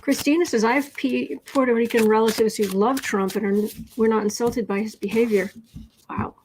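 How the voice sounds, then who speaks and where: There's a slight hiss or hum behind this woman's a-little-high, fairly even voice as she talks at a moderate pace. A tarot reader running a livestream, she chats casually and reads comments from viewers, speaking softly and cooing to her pet cat between readings.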